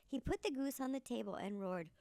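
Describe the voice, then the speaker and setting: An older woman reads a children's story slowly, and her voice rises and falls with lots of life. Her voice is a little high and gravelly. The recording is close and dry. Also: dry recording. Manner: animated, slow storytelling with voiced quotes.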